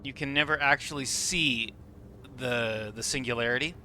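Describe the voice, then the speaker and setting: A man's voice: mid-range voice, normal speed, bright, forceful tone, a little hiss or hum. A man streaming a game live, explaining what he sees with enthusiasm and casual swearing. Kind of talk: live gameplay commentary.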